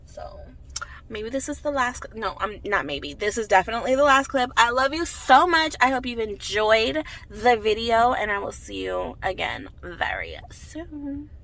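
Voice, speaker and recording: A woman's voice: fairly high pitch, animated, normal speed, vocal fry, a bit bright, poor audio. A woman in her thirties chatting casually to her vlog viewers, rambling freely from one thought to the next. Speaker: vlogger. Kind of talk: casual chat.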